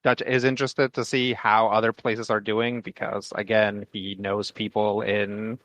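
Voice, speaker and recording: A man's voice: fairly low pitch, little pitch movement, measured pace, fairly bright tone, no echo. A man playing in a tabletop game, talking casually and hedging his words with "like". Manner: hedging, lots of "like". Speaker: player.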